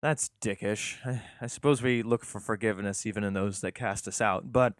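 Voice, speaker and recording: A man's voice: fairly low pitch, fairly even intonation, brisk, dry recording, studio quality. Sarcastic, profane man reading aloud. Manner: sarcastic, profane, exasperated asides. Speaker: host reading scripture with commentary. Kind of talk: irreverent comic commentary.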